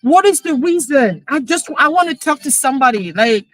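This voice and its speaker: A woman, a real estate coach chatting emotionally on a live stream, excited as she talks. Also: high voice, normal speed, no room sound, low-quality recording. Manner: excited, emotional, switching into French.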